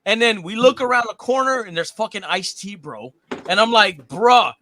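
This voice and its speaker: A man's voice: high voice, lively intonation, normal speed, slight background noise. A man in his forties co-hosting a casual chat, telling boisterous, profane stories. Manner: loud, profane, boisterous storytelling. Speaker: co-host.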